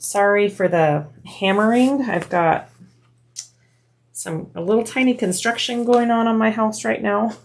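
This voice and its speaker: A woman's voice: mid-range voice, a little slow. A woman hosting a bag-making tutorial, chatting casually as she explains each step while she works.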